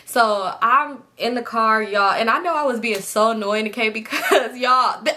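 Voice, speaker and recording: A young woman vlogger casually telling a story straight to her viewers, animated and chatty. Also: a little high, moderate pace, noisy background.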